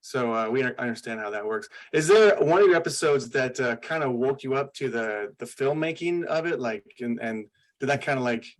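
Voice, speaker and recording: A man with an American accent co-hosting a podcast, casually interviewing a guest in a relaxed, friendly way. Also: medium pitch, fairly quick, low-quality recording. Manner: relaxed, friendly, loose with "like" and "you know". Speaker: podcast co-host.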